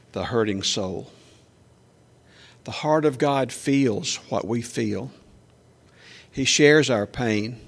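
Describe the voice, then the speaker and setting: A man preaching a sermon in a conversational way, asking the congregation questions and acting out quoted lines louder and higher. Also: vocal fry. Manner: acts out quoted speech with raised pitch and volume. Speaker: pastor.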